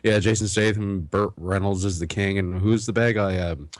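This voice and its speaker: Low voiced guy, chill, rambly, swears a bunch. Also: steady tone, moderate pace. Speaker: podcast guest. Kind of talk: casual chat about movies.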